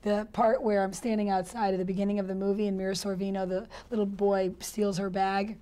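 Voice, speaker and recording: Actress chatting away in an interview, mellow tone, laughs a lot. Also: female voice, mid-range voice, brisk. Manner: chatty, animated, laughs often. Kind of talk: casual interview storytelling.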